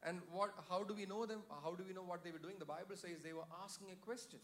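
Male pastor, sermon, church, fairly high voice, call-and-response. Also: fairly even intonation, quick pace, a bit bright. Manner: paraphrases scripture with many fillers and restarts.

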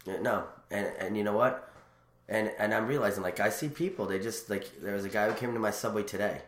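Fast-talking deep-voiced man, rambling chat. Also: reverberant, a little hiss or hum. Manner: rambling, animated storyteller with many restarts. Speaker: guest. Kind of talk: casual chat.

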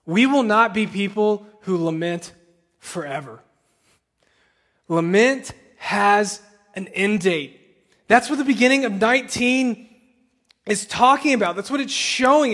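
A man delivers a sermon in a church, earnest and at times impassioned. His voice sits high for a man and he takes his time. The sound carries the long reverb of a large hall. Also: animated, unhurried, fairly bright tone. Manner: earnest, rising to impassioned pleading. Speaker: pastor. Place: church sanctuary.

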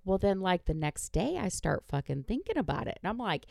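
A woman's voice: mid-range voice, sing-song, fairly quick, gravelly, hardly any pauses, darkish tone, dry recording, studio quality. A woman hosting a podcast, telling a story in a blunt casual chat, swearing freely and laughing along. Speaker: podcast host.

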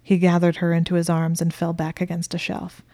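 A woman narrating a romance story in whispered role-play, hushed and breathy. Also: fairly low pitch, monotone, a little fast, no echo.

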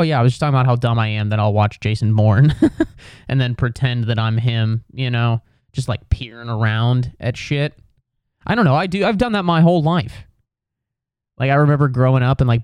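A man's voice: medium pitch, a little mellow, smooth, no echo. A man hosting a podcast alone, rambling through a swearing, self-mocking comic monologue from his home studio. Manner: rambling, profane, self-deprecating. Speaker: podcast host. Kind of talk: casual comedic monologue.

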